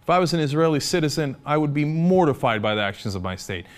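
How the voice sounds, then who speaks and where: A man's voice: a little high, big pitch swings, fast talker. A man giving impassioned, sarcastic political commentary, arguing his point hard. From United States.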